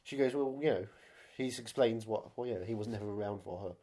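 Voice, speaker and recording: A man's voice: fairly low pitch, warm tone. A young man hosting a film podcast in casual, joking chat full of swearing and asides. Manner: joking, profane, quick asides. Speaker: podcast host.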